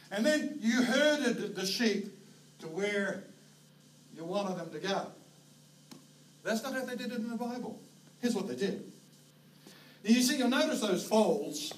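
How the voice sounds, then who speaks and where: A man with a New Zealand accent preaching a sermon as pastor, telling stories with animated delivery and shouted herding calls. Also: high voice. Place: church auditorium. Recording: roomy, distant hall mic with faint noise.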